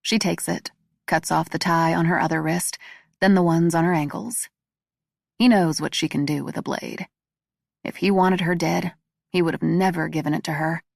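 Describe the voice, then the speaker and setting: Female audiobook narrator: low, gravelly, steady reading, dry close-miked sound. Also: no room sound.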